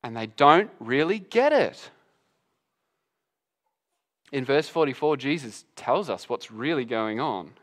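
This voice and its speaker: A man preaching a sermon, animated and conversational, acting out both sides of a Bible passage in quick voices. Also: mid-range voice. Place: church hall with an audience.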